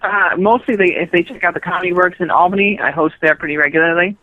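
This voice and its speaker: A woman guest comedian chatting casually and trading dry, deadpan quips. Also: fairly low pitch, fast talker, phone-quality sound. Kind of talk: casual chat.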